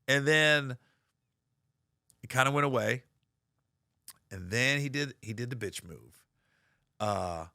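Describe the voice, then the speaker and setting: Brief: middle-aged male comedian, bright dry voice, animated storytelling. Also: mid-range voice, vocal fry, no echo. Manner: animated, profane, acts out quoted voices.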